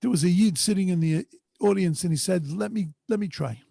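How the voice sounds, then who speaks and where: A man teaching a Torah class as a rabbi, his voice gravelly and a little husky, pitched somewhat high. He talks earnestly and stretches his phrases, dropping Hebrew and Yiddish words along the way. The sound is dry and close, as over a video call. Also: a little fast, warm tone, no echo. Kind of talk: storytelling Torah lesson. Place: home online video call. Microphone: video call microphone.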